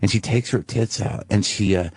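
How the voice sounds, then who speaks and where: A middle-aged guest comedian tells a rambling, self-deprecating story in a radio studio, restarting again and again in a casual way. His voice is lowish, a little mellow and breathy, at normal speed, captured on a studio microphone with no room sound.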